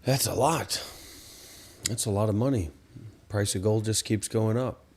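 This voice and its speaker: A man's voice: fairly low pitch, a little slow, a little mellow. A man hosting a meditation livestream who talks in a rambling, exasperated way and keeps asking rhetorical questions. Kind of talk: casual livestream talk.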